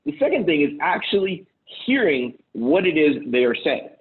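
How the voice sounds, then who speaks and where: Casual profane advice guy, middle-aged, kinda high voice, sounds tinny like a phone. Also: big pitch swings, moderate pace. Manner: blunt, profane, acts out heated quotes. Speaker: relationship coach.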